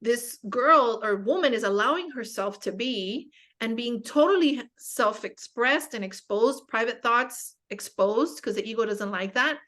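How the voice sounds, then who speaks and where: A young woman with a fairly high voice talks as a guest on a casual spiritual show. She tells stories in a candid, self-mocking way and often stops to restart her sentences with fillers. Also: expressive, measured pace, hardly any pauses, fairly bright tone.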